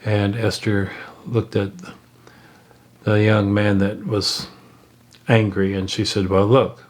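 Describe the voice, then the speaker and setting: A man spins a story off the cuff, pausing and restarting as he goes. His voice sits fairly low and he takes his time, letting each phrase come out slowly. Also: level tone. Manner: halting, with frequent fillers and restarts. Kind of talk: unscripted spoken storytelling.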